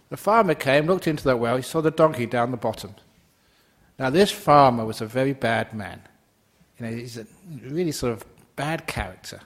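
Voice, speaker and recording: A man, a Buddhist monk, giving a dharma talk and telling stories playfully while laughing at his own jokes. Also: mid-range voice.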